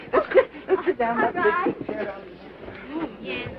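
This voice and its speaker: A woman's voice: very high voice, sing-song, drawn-out words, dull audio, over a noisy crowd, heavily acted. An actress playing a playful young woman visiting a fairground, in 1930s film style. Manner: light, playful. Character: giggly young woman at a fair. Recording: distant voice on noisy old film track.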